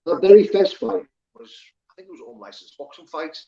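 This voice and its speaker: A man's voice: high-pitched, normal speed, vocal fry, darkish tone, lo-fi sound. A man, candidly telling his life story as an interview guest, swearing and rambling with many fillers. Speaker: guest, former prisoner turned pro fighter.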